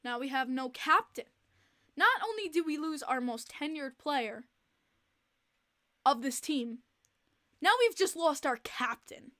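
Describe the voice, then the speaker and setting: A young woman hosts a casual podcast livestream in a high, bright-pitched voice. She talks in an animated, exasperated way, repeating her points with plenty of fillers. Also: measured pace, long pauses. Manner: chatty, with many fillers. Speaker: podcast host.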